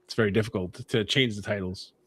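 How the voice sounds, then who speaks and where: A man's voice: lowish voice, fast talker, fairly bright tone. A man co-hosting a live wrestling stream, explaining titles and matches in casual chat. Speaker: podcast co-host.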